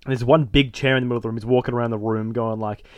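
A man co-hosting a casual podcast chat, excitedly retelling scenes and acting out the characters' lines with frequent laughter. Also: mid-range voice, racing, no echo. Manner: animated retelling of a show, acting out quoted lines, laughing often. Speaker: podcast co-host.

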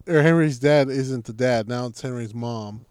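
A man's voice: mid-range voice, normal speed, a little mellow, smooth, no echo. A man co-hosting a podcast, telling a rambling, profane story in casual chat with frequent restarts. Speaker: podcast co-host.

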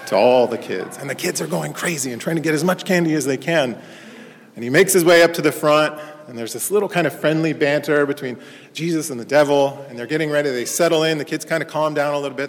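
A man's voice: fairly high pitch, gravelly, long reverb tail. A man, a parish priest, giving a sermon in a conversational storytelling manner. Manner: storytelling, conversational, animated in anecdotes. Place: church.

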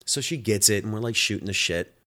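A man's voice: fairly low pitch, fast, pushed and bright. A man hosting his own show, a home health nurse telling a work story in a casual, exasperated way, often swearing.

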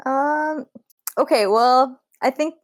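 A woman's voice: high voice, takes it slowly. Hesitant woman podcast guest. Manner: hesitant, many fillers. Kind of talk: casual chat.

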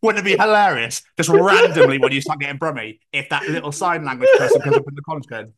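A man's voice: fairly high pitch, lively intonation, fast talker. A man co-hosting a podcast in casual chat, playful and teasing, often slipping into mock-posh voices. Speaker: podcast co-host.

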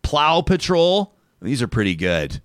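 A man's voice: medium pitch, measured pace, no echo, studio quality. A man, hosting a casual talk show and joking his way through a list of names and stories. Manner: animated, joking, reading lists aloud.

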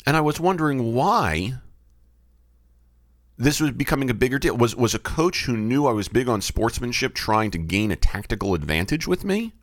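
A man's voice: medium pitch, sing-song, moderate pace, no echo. A man, middle-aged, hosting a podcast and thinking aloud, often asking himself questions and restarting his sentences. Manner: musing, asks himself questions, frequent restarts. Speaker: podcast host and baseball umpire. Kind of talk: reflective solo podcast talk. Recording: dry close-miked studio sound.

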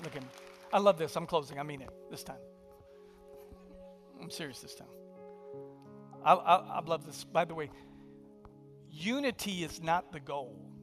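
A man preaching a sermon in a conversational, humorous storytelling way, sometimes dropping to a hushed, intimate delivery. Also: fairly high pitch, lively intonation, moderate pace, pauses often, faint music behind, a faint crowd. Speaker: pastor.

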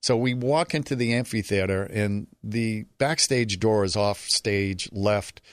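A man with a fairly low voice telling a story from his own life, close and dry with no room sound. He acts out other people's voices as he goes, then drops into a quiet, subdued tone when speaking of loss. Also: measured pace, dry recording. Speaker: guest telling a personal story. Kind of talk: conversational storytelling.

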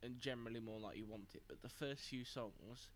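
A young man, co-hosting a podcast in casual chat, laid-back and a bit halting. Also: mid-range voice, slight background noise. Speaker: podcast co-host.

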